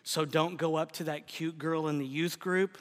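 A middle-aged male pastor preaching a sermon in a church, telling stories with lively rhetorical questions. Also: fairly high pitch, moderate pace, long reverb tail. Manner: animated storytelling with rhetorical questions. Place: church sanctuary.

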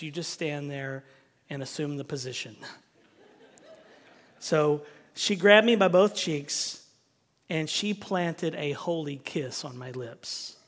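A male pastor giving a conversational, joking sermon, now and then dropping to a soft near-whisper. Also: on the high side, long reverb tail.

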